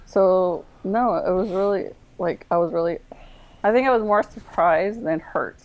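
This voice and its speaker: A woman's voice: lowish voice, unhurried, muffled recording. A woman, a military veteran, candidly recounting a personal story in an interview, with many "like"s and re-enacted quoted dialogue. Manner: candid, run-on retelling full of "like" and quoted dialogue. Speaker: guest, Air Force medic veteran.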